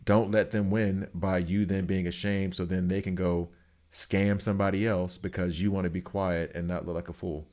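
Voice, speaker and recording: Very deep-voiced man telling stories. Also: moderate pace. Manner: animated, emphatic storytelling. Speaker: gaming streamer. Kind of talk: casual chat while streaming a game.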